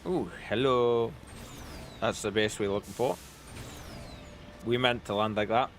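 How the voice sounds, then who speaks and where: Low-voiced man streaming a game. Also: fairly even intonation, normal speed, a little hiss or hum. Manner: chatty, talks to chat while playing. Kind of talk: casual let's-play commentary.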